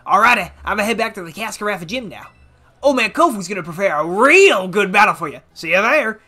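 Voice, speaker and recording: A player putting on a loud old gym leader, Southern drawl, lively swooping pitch, bright tone, faint music behind. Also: fairly quick. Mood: boisterous. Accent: American Southern (put on). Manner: boisterous, drawling, exclamatory. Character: excitable old man gym leader, seafood lover. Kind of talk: reading game dialogue aloud.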